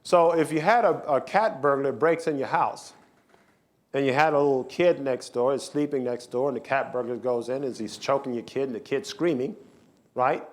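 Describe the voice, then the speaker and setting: A man's voice: mid-range voice, normal speed. A man who is a physician, giving a health symposium lecture in an emphatic, repetitive, rhetorical way. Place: lecture hall with slides.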